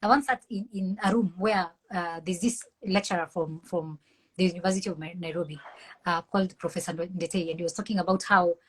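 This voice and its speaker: In a conversational interview, a mental health professional with a Kenyan accent talks briskly in a fairly low, husky voice with steady intonation. Her manner is earnest and passionate, bordering on preachy, and the recording quality is poor.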